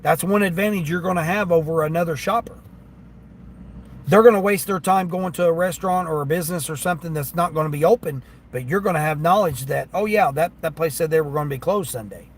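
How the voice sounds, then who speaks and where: A man's voice: on the high side, quick pace. A man livestreaming while driving for delivery apps, chatting casually and complaining about customers who don't tip. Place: in a car.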